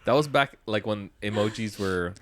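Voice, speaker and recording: A man's voice: fairly low pitch, moderate pace, dry recording. A man co-hosting a fan podcast, chatting casually, laughing often and explaining things at length. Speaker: podcast co-host. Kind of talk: casual chat.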